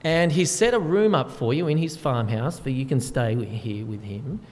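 A man's voice: mid-range voice, normal speed, a little mellow, close to an everyday voice. A man doing a plain-spoken rural farmer. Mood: matter-of-fact. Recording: long hall reverb.

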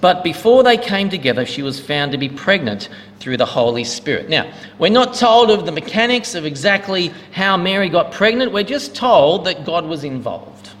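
A man's voice: high voice, sing-song, normal speed, a bit bright, a little hiss or hum. A male minister giving a sermon in a church, in a conversational preaching manner with a joke to open. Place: church hall. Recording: long hall reverb.

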